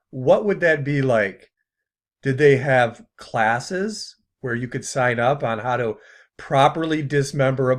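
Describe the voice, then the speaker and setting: A man hosting a commentary video, mocking what he plays with bursts of laughter and quiet trailing asides. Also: medium pitch.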